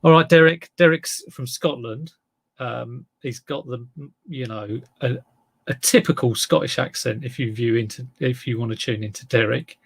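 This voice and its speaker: A medium-pitched, slightly rough voice with vocal fry belongs to an English online reseller speaking at normal speed in a casual vlog. He rambles and drifts off topic while making fun of himself.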